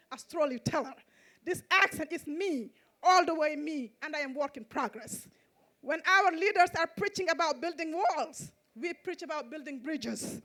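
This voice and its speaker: A woman with a Mauritanian accent, a native Fulani speaker, reciting a spoken-word poem in a measured, rhythmic way on an outdoor festival stage. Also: sits high, fairly bright tone. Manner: measured, repetitive rhythmic delivery. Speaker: poet and event host.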